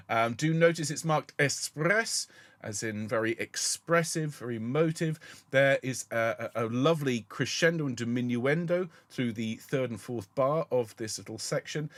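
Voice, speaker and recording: Guy running a choir rehearsal, gentle and encouraging, dry close sound. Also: medium pitch, no echo. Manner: gentle and encouraging, explains patiently. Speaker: choir director.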